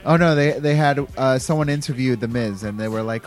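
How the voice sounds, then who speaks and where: A man co-hosting a wrestling podcast in casual chat, joking and quick to laugh. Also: medium pitch, soft background music. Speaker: podcast co-host.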